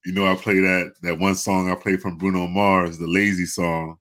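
A man guesting on a casual talk show tells stories in a relaxed way, acting out each exchange. His voice sits low but has a bright, forward edge. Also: normal speed. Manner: laid-back storyteller, acts out exchanges.

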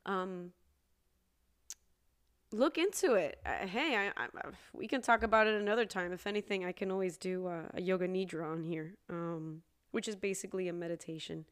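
A young woman hosting her own podcast, talking earnestly and casually, with sudden high emphatic bursts. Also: moderate pace, smooth. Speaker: podcast host. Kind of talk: casual solo podcast talk.

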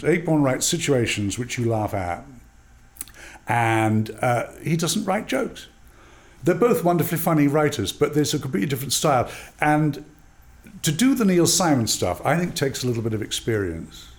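Animated older man telling stories. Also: fairly high pitch. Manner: animated, acts out dialogue in voices, laughs often. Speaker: actor and drama teacher. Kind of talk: storytelling interview.

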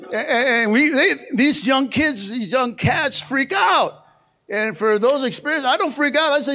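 A male pastor preaching a sermon in a church with call-and-response phrases. He swings between loud exclamations and quiet, low passages, and often laughs. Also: expressive, a little slow. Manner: call-and-response preaching, frequent "come on" and "amen"; laughs often, playful asides. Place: church sanctuary.

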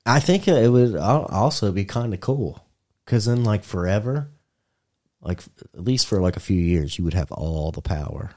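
A man talks in a loose, crude, joking way, often breaking into laughter and voicing imagined lines. His voice sits low, with a dark, mellow tone. His pitch swings widely as he talks. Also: lively intonation, normal speed. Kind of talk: casual chat.

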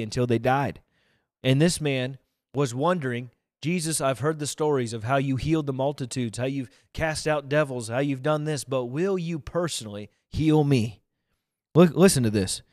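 A man preaching a fervent livestreamed sermon, speaking straight to viewers on camera and rising to loud emphatic declarations. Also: mid-range voice, no room sound, studio quality. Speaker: evangelist preacher. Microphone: camera mic, speaking to online viewers.

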